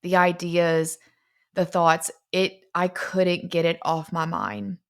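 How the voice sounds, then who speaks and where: A young woman behind a fitness company opens up about her life in an earnest, confessional way, decelerating at emotional points. She speaks with a lowish, creaky voice and a flat delivery.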